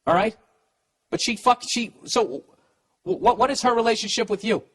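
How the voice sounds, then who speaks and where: A man ranting with fast, blunt comic advice, with a voice sitting a little higher than most men's. He swears freely and keeps tripping into stammered restarts before barreling on. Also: fairly bright tone, husky. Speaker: podcast host. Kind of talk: comedic advice rant.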